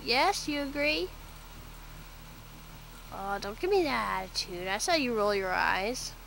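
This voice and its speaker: A woman's voice: a little high, expressive, a little slow, vocal fry, a bit bright. A woman filming her cat at home on a handheld camera, talking to it in teasing baby talk. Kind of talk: home video narration. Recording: noisy home video.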